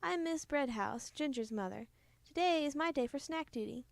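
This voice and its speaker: A woman voicing a shrill, sly witch mother who teases and cackles, reading a storybook aloud. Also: expressive, normal speed, vocal fry, no room sound.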